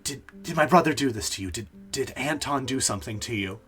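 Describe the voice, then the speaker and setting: A man voicing a worried man who pleads in a hushed, urgent tone. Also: medium pitch, expressive, brisk, faint music behind, pitched below the performer's own voice, lightly acted.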